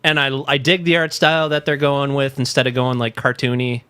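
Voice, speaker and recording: A man's voice: flat delivery, brisk, pushed and bright, smooth, no echo. A man co-hosting a podcast in casual chat, laid-back and swearing freely. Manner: laid-back, swears freely, mocks presenters in a high goofy put-on voice. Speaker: podcast co-host.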